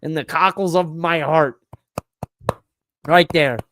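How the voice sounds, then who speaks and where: A man hosting a podcast alone, talking in an excitable, rambling way that swears freely. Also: on the high side, slow pace, no room sound. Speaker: podcast host. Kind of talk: casual solo wrestling recap.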